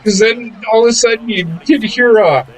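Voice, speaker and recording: A man's voice: very high-pitched, moderate pace, rough recording. A young man chatting casually while gaming, telling profane stories and laughing often. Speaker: gaming streamer. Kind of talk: casual chat.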